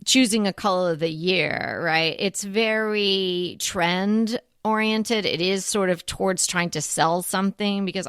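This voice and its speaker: A woman's voice: lowish voice, steady tone, measured pace, a bit bright, smooth, no echo, studio quality. A woman co-hosting a home decorating show, talking in a casual, musing way with fillers. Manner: chatty, musing, with fillers and laughs. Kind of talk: casual conversational chat.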